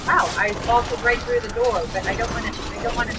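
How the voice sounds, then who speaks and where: A woman streaming a game live, chatting excitedly and squealing at wins. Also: fairly high pitch, a little fast, very noisy. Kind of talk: live gameplay commentary. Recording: game music in the background. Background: music.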